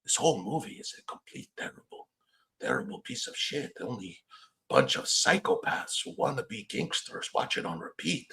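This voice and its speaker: A man's voice: medium pitch, big pitch swings, moderate pace, creaky, bright, forceful tone, full character voice, rough recording. A man doing mocking put-on accents as a gangster-movie figure, heckling a character.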